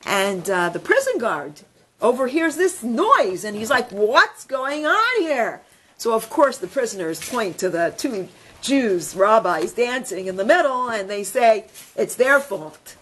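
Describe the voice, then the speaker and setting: A woman teaching a women's religious class, telling a story in an animated, chatty way with many fillers. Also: mid-range voice, measured pace, breathy edge. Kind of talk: storytelling lesson.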